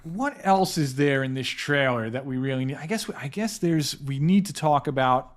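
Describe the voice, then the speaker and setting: A man's voice: mid-range voice, lively intonation, moderate pace. A man hosting a casual pop-culture podcast, talking enthusiastically with lots of restarts and self-corrections. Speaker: podcast host, editor-in-chief.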